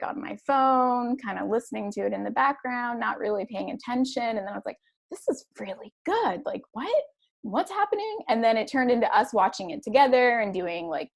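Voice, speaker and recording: A woman's voice: medium pitch, gravelly. A woman in her thirties with a light Spanish accent, co-hosting a casual online show and telling stories in a chatty way. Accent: Latin American Spanish. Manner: chatty, laughs easily, lively storytelling. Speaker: co-host. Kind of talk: casual chat.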